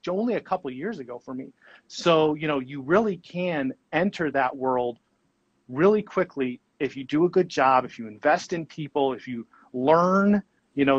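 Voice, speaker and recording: A man speaking as a guest in a casual interview, thoughtful and halting, with plenty of ums and restarts. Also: on the high side, no echo, dull audio. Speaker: guest colorist.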